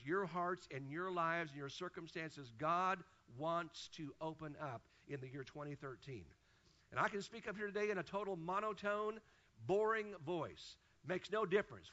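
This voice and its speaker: Pastor type, a man preaching from the pulpit: fairly high, bright and forceful voice, repeats phrases for emphasis, dull lo-fi sermon tape. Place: church pulpit.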